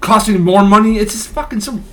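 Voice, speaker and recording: A man's voice: high voice, fairly quick, crowd noise. A man co-hosting a casual podcast chat, ranting and swearing about his job in an aggrieved way. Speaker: podcast co-host.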